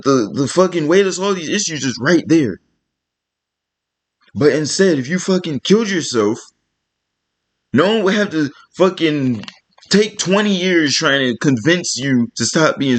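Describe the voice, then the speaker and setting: A man delivering a blunt, profane, exasperated rant to camera as a vlogger. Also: fairly high pitch. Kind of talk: ranting vlog monologue.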